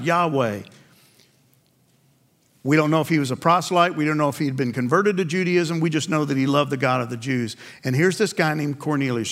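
A man's voice: a little high, fairly bright tone. A man preaching a sermon. He keeps asking the congregation questions and answering them himself, and he acts out the voices in the story. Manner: acts out biblical voices in quotes. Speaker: pastor.

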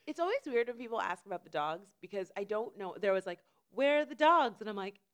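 A young woman chatting casually as co-host, playful, laughing and quick to react. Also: mid-range voice, expressive. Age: young adult. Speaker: podcast co-host. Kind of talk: casual chat.

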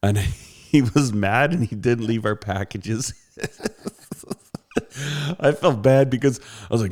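A man chatting casually with a friend over an online call, telling animated stories and laughing often. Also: lowish voice, moderate pace. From Canada. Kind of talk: casual chat. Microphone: headphones on an online call.

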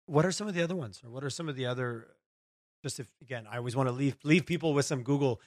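A man's voice: medium pitch, quick pace, dry recording, clean studio sound. A man hosting a podcast interview, upbeat and playful, laughing often. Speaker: podcast host. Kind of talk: casual interview chat.

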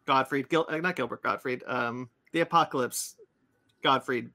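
Casting: bright-toned man, podcast host, loose rambling delivery full of "um"s. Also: mid-range voice, normal speed. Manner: rambling, many fillers and restarts. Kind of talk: casual chat about comics and cartoons.

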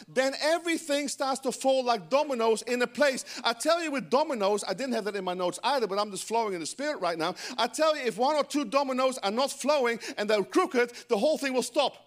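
A very high-pitched middle-aged pastor preaches a sermon in church. He's animated and breaks into joking asides to the congregation.

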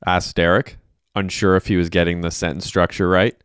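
Male story narrator, low voice, clean dry read. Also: little pitch movement, moderate pace, a bit bright, clear, resonant tone, no room sound. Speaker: audiobook narrator. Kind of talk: scripted narration.

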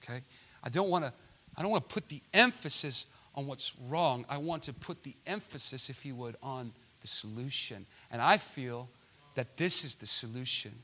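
A man preaching a sermon who asks his listeners rhetorical questions and builds to passionate shouts. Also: medium pitch, moderate pace. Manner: impassioned, rising to shouts at climaxes.

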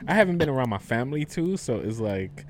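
A man's voice: mid-range voice, very animated, fast, slight background noise. A man talking casually and animatedly, laughing easily. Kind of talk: casual chat.

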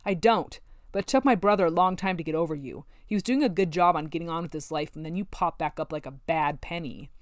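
A woman voicing a spiteful, loud and sneering small-town woman in a storybook. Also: on the low side, fast, no echo, studio quality, close to an everyday voice.

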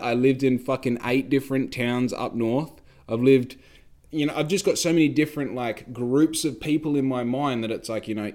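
A man's voice: medium pitch, a little mellow. A young Australian man telling a rambling story in casual chat, swearing freely and acting out the voices of the people he quotes.

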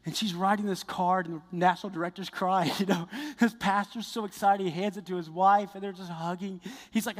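A male pastor preaching a sermon, telling stories with excited earnestness that builds into fervent prayer. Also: high-pitched, a little fast, few pauses, long reverb tail.

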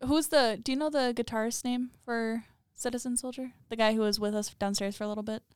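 A woman's voice: fairly high pitch, fairly even intonation, fairly quick, clean tone, no echo, studio quality. A woman co-hosting a podcast in casual chat, teasing and chatty with frequent "like". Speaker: podcast co-host.

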